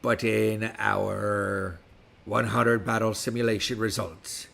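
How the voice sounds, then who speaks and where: Gravelly middle-aged guy hamming up a west country pirate accent, slow and easy. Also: fairly low pitch, level tone, a bit bright. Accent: put-on West Country pirate accent. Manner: playful pirate talk, reads stats aloud. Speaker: livestream host. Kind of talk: casual livestream chat in a pirate voice.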